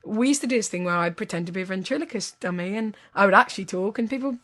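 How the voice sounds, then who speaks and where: A woman's voice: medium pitch, fast talker, a bit bright, close to an everyday voice. A weary, world-worn talking cat drawls through its life story in a casual, matter-of-fact way, as a woman puts it on in a joke. It sounds easygoing and a little tired, rambling on as if this were all perfectly normal. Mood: laid-back. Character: weary talking cat, ex-spy, laid-back.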